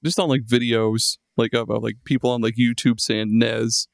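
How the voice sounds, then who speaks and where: A tipsy man co-hosting a podcast in loose, casual chat. His voice carries a gravelly fry, and his talk is heavy on fillers and swearing. The sound is dry and close. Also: medium pitch, fairly even intonation, a little fast, dry recording. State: intoxicated. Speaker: podcast co-host.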